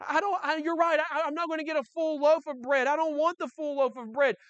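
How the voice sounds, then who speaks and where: A man's voice: very high-pitched, fairly even intonation, fairly quick, fairly bright tone, no room sound, lo-fi sound, voice pushed up. A male preacher voicing a humble foreign woman who earnestly pleads for mercy. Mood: pleading. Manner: earnest, imploring.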